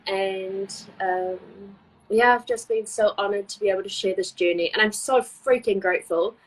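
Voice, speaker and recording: Woman host of a livestream, husky, effusive and chatty, heard over a video call. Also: mid-range voice, normal speed, poor audio. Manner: gushing, effusive, many fillers. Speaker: host of a live interview series. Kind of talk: casual chat on a live stream.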